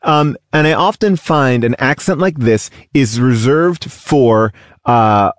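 A man's voice: medium pitch, slow, no echo, studio quality. A man co-hosting a podcast, talking about a film in a rambling way with many restarts. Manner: rambling, many restarts, breaks into character voices. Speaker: podcast co-host. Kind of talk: casual film discussion.

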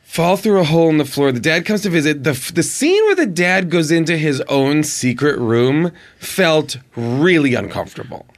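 Animated, wry-voiced man. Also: fairly high pitch, normal speed, hardly any pauses. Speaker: podcast co-host. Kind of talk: casual movie-review chat.

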